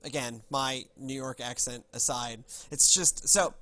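A man's voice: mid-range voice, unhurried, sharp tone, dry recording. A man hosting a casual podcast, chatting loosely with many fillers and reading scripture aloud. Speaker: podcast host.

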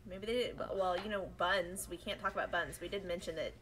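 A woman co-hosting a podcast, chatting casually and animatedly as she recaps an episode, slipping into quick voices for the characters. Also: lowish voice, fairly even intonation, crowd noise, rough recording. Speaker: podcast co-host.

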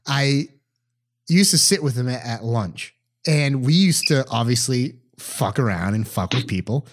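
A man's voice: mid-range voice, normal speed, a little hiss or hum. A young man, co-hosting a podcast and telling stories in casual chat, acting out the people he quotes and swearing freely. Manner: animated storyteller, acts out quotes, swears freely. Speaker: podcast co-host.

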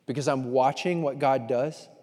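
A male pastor preaching a sermon, swinging from loud emphasis to hushed, confessional moments and repeating phrases for weight. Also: medium pitch, fairly even intonation, moderate pace, long reverb tail.

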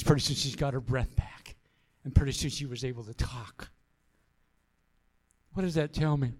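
A man's voice: mid-range voice, fairly even intonation, normal speed, long pauses. A man pastor giving an earnest sermon, repeating phrases for emphasis as he tells a story and then exhorts the congregation.

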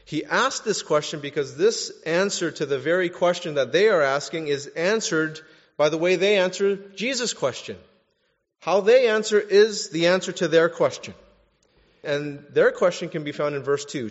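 A man's voice: a little high, normal speed. Man preaching in an echoing hall. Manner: conversational, animated preaching with casual fillers. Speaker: pastor. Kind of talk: sermon. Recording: dull audio with long reverb in a hall.

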